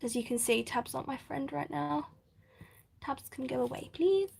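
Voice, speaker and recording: A woman's voice: high-pitched, animated, moderate pace, gravelly, a little mellow, husky. A woman hosting a live crafting stream, chatting casually, reading viewer comments and laughing often. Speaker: craft channel host.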